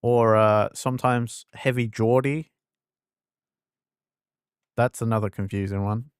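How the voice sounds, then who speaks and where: A young man from England talks into a desk mic at home, his London-leaning English accent worn thin. He rambles through casual stream chat, piling up fillers and restarting his sentences. His voice sits at an ordinary middle pitch, and the sound is dry and close with no room echo. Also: clear, resonant tone. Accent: fading English, London-leaning. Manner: rambling, filler-heavy, self-interrupting.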